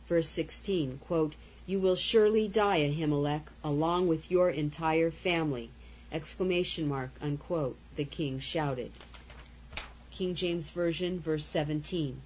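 A woman reading Bible verses aloud in a steady manner, calling out each verse number and even the punctuation marks. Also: low-pitched, slightly rough, poor audio. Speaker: scripture reader.

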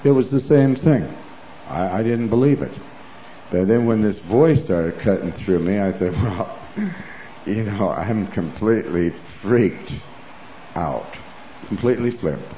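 A man's voice: lowish voice, a little slow, slight background noise. A man giving an emphatic, rambling personal testimony as a preacher, full of asides like "you know". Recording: roomy, dull lo-fi recording.

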